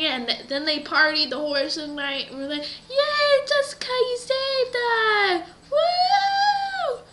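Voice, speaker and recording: A woman improvising a story in an animated way, often dropping into breathy whispers. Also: sits high, a little hiss or hum, low-quality recording.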